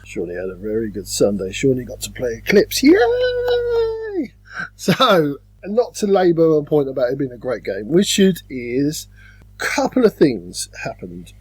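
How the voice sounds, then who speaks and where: A male podcast co-host chats casually and animatedly about board games, now and then slipping into silly put-on voices. His mid-range voice moves at a moderate pace with a breathy edge, recorded dry.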